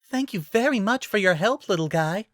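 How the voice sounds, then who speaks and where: Gentle shy young druid woman, soft and sweet, pitched high and lively, voiced by the narrator, dry close sound. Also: normal speed, dry recording, natural voice.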